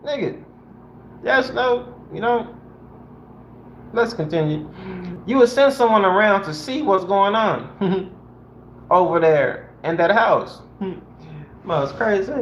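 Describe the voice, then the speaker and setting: A man with a high voice reads a book aloud, drifting into loose, slangy commentary between passages. His voice sounds roomy and a little dull, with faint noise underneath. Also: lively intonation, slow, pauses often, a bit bright. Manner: loose, conversational, slangy asides. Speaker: reader and commentator.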